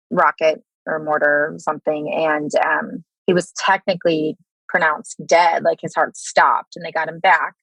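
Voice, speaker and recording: Low-voiced American woman, halting telling. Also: fairly bright tone, no echo, poor audio. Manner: halting, many fillers and restarts. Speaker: guest, Army veteran. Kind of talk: candid interview storytelling.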